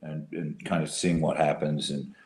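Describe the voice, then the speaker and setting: Actor guest, man, very low voice, roomy echo, loose chatty delivery with restarts. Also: level tone, normal speed, darkish tone. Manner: laughing, self-deprecating, thinks aloud with restarts. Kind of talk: casual video interview.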